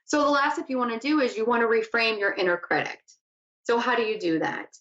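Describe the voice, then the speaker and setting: On her psychic talk show, a woman teaches casually in a fairly quick, fairly bright voice on the high side. Chatty and quick to laugh, she often drifts off topic, with echoey lo-fi room sound around her.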